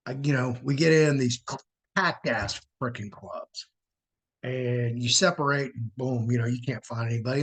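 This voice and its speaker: A man's voice: medium pitch, slightly rough. A middle-aged man, host of his own show, telling a personal story casually and acting out the quotes in a raised voice. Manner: animated, acts out quotes in a raised voice.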